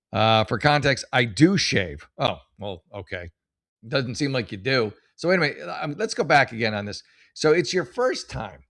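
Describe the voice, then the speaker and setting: A man's voice: medium pitch, vocal fry, fairly bright tone. A man in his forties hosting a comedy advice show, reading posts aloud and reacting with sarcastic, rambling, exasperated commentary. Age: 40s.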